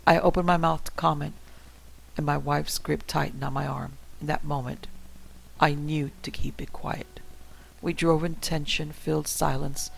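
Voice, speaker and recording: A man reading a horror story aloud in the first person, in a steady, tense way. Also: fairly high pitch, gravelly, slight background noise, low-quality recording. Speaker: story narrator. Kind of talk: scripted horror narration.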